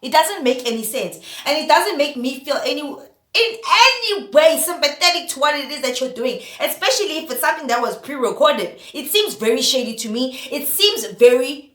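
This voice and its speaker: Lively, bright woman ranting. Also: high-pitched, normal speed, roomy sound. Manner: exasperated, repeated rhetorical questions. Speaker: vlogger host. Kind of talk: opinion rant to camera.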